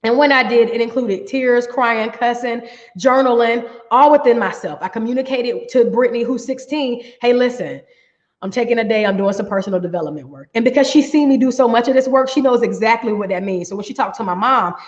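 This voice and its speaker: A woman's voice: on the high side, a little fast. A middle-aged woman coach giving a healing workshop talk, emphatic, often checking in with "right?". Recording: echoey, dull room sound.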